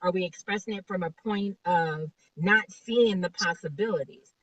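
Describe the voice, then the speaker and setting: Low, husky woman coaching over a distant call. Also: normal speed, no echo, dull audio. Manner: explains with rhetorical questions. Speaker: life coach guest. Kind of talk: motivational interview talk.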